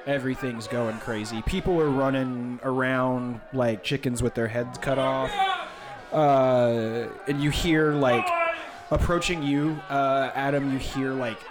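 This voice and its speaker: Slow-talking man game master. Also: mid-range voice, steady tone, very noisy. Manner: slow, loose narration with many fillers. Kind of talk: narrating a tabletop game.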